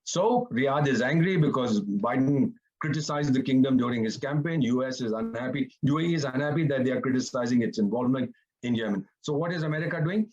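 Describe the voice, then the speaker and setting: A man's voice: mid-range voice, lively intonation, a little fast, a little mellow, slightly rough, dull audio. A man in his seventies giving a sarcastic, theatrical panel talk with mocking asides, over a video call. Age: 70s. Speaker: retired ambassador, panelist.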